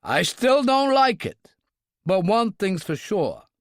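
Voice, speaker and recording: A man's voice: high voice, huge pitch swings, slow pace, dry recording, clean studio sound, pitched above the performer's own voice, exaggerated voice. Guy playing a worried loyal old butler, earnest, rises and falls a lot. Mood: anxious. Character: loyal older male servant, anxious.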